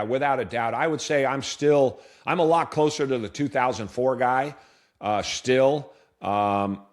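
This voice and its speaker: A man in his fifties from Portland, Oregon, a business owner telling candid, earnest stories in an interview, often restarting his sentences. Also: on the low side. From Portland, Oregon, USA. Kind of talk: reflective storytelling interview answer.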